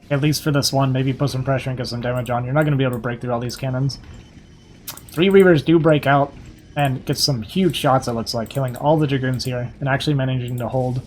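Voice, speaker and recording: A young man giving casual, quick play-by-play commentary on a strategy game match, a little hoarse and thinking aloud as he goes. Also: medium pitch. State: slightly hoarse, losing his voice. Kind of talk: live esports play-by-play commentary.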